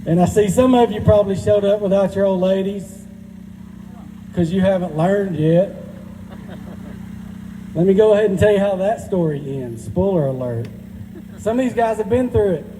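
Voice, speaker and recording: A man's voice: sits high, normal speed, long pauses, big-room sound, slight background noise, poor audio. Crude Southern comedian in his forties. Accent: Southern US, rural Georgia. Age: 40s. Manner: self-deprecating, crude, deadpan. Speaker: stand-up comedian. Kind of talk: stand-up comedy set. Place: stage at a live benefit event.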